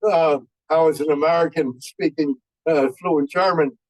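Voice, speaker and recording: A man in his nineties, a veteran, tells war stories in a folksy way and often pauses on fillers. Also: a little high, steady tone, a little mellow, dry recording, rough recording. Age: 90s. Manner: folksy, halting with many fillers. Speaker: veteran speaker. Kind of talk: anecdotal war storytelling.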